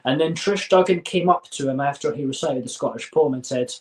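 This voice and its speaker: A man as an interview guest, talking casually in a halting way with many fillers and restarts, then bursts of quick talk. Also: a little high, low-quality recording.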